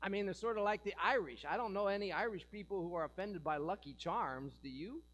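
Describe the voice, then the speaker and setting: A man's voice: sits high, a little fast, fairly bright tone, low-quality recording. A man preaching a sermon in a church, joking and asking the congregation rhetorical questions. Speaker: pastor.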